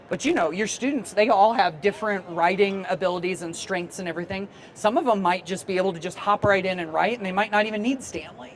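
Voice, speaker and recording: A man's voice: high voice, a little hiss or hum. A man giving a live conference workshop talk in a casual, chatty way, laughing easily as he talks to the room. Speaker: teacher trainer and conference presenter.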